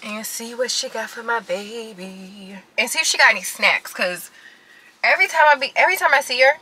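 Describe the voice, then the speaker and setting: A chatty woman vlogging about her day as a mom of three, her voice bright and forceful and set a little high. She talks straight to her viewers in an animated way, laughing easily. She films on a phone mounted in her car or while out shopping, with a faint hum of noise behind her. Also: brisk, poor audio. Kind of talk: casual chatty vlog. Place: in a car, later inside a large store.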